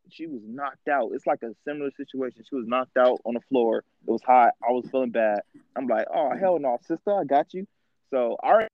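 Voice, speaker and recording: A man's voice: medium pitch, no room sound, phone-quality sound. A man co-hosting a podcast, telling a story in casual slang and laughing as he goes. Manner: slangy, laughs through his stories. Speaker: podcast co-host.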